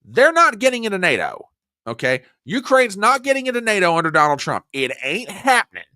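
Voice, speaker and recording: A man's voice: high-pitched, sharp tone, no echo, clean studio sound. A male political commentary host delivering combative, sarcastic news commentary, saying he gets worked up.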